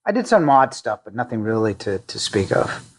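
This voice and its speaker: A lowish voice with big pitch swings belongs to a middle-aged CEO from the Boston area giving a casual interview. He talks haltingly, with frequent restarts and fillers, and tends to put himself down.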